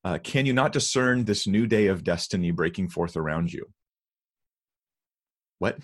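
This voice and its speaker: In a conversational podcast discussion, a man talks earnestly and emphatically about Bible translations, reading verses aloud slowly. His low voice is expressive and slightly rough.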